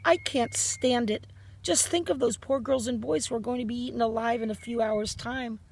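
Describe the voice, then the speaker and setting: A woman reading aloud and voicing an eager, bold little orphan girl who talks in exclamations, with a breathy voice. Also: medium pitch, brisk, lightly acted. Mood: distressed. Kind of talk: storybook reading.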